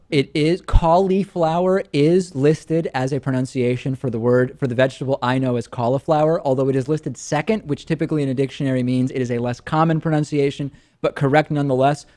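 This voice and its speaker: A man hosting a talk show, chatting in a dry, measured, lightly joking way. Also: mid-range voice, warm tone. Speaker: show host. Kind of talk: casual talk show banter.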